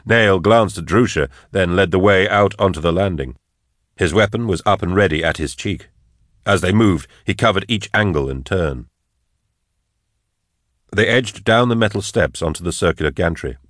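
A man narrating an audiobook in a measured, dramatic way. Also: low-pitched, fairly bright tone, no echo, studio quality.

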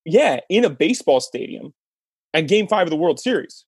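A man hosting a podcast, telling a sports story in a lively casual way and laughing as he talks. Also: on the high side, normal speed, slightly rough, no room sound. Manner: animated storyteller, laughs mid-sentence. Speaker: podcast host.

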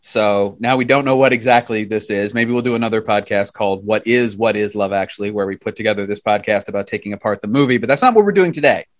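A man co-hosting a podcast, telling stories in an animated way and laughing often. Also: fairly low pitch, quick pace, few pauses. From United States. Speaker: podcast co-host. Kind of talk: casual chat.

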